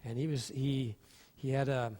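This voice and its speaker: A man preaching a sermon as pastor, animated, acting out the voices in the stories he tells. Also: mid-range voice, moderate pace. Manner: animated, acts out voices in quotes. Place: church sanctuary. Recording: long hall reverb.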